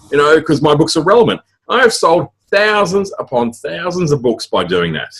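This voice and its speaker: A middle-aged Australian man talks at a rapid clip, his voice a little husky and rough. He rambles through his stories with plenty of fillers and restarts, a guest in a relaxed interview chat. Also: fairly high pitch. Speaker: author and guest.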